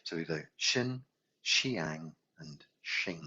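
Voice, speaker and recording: A man teaching a qigong healing class, gently guiding breaths and sounding out long vocal tones and hums. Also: very deep voice, animated, husky, highs cut off. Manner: gentle, unhurried guidance with sung tones and hums. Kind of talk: guided healing class instruction.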